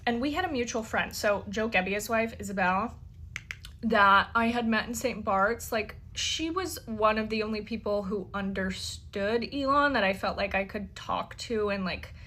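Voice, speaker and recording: A woman's voice: mid-range voice, moderate pace, sharp tone, a little hiss or hum. A woman telling a personal story casually, full of "like" fillers and freely swearing. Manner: chatty, heavy use of "like" fillers, swears freely. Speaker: interview guest.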